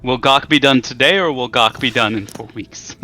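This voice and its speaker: A man's voice: mid-range voice, normal speed, bright, forceful tone, slight background noise. A man playing a tabletop game, playfully describing what his character does. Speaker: player.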